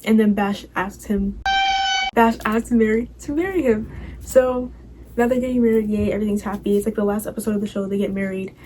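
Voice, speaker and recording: A woman's voice: medium pitch, steady tone, a little fast, warm tone, a little hiss or hum, low-quality recording. A young woman casually recapping a TV show, rambling and filling her talk with "like" and "you know".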